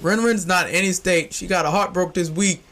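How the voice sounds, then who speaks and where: A man hosting a podcast in casual chat, rambling and joking in slangy talk, now and then breaking into loud shouts. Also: sits high, steady tone, a little fast, a little hiss or hum. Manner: uses informal slang. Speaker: podcast host.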